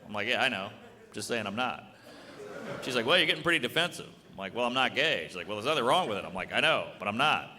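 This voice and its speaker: A man doing a stand-up routine on a club stage, delivering blunt, deadpan jokes and acting out quick bits of dialogue. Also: mid-range voice, a crowd in the background. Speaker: stand-up comedian. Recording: live club with audience noise and reverb. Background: laughing audience.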